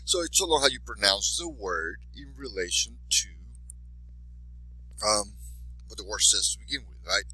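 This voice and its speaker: A lower-pitched male Spanish teacher with a husky, forceful and bright voice, recorded dry and close. He encourages his students and models pronunciation by saying each word twice, slowly and with clear stress. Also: lively intonation, no room sound, poor audio. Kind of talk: recorded class lesson for students.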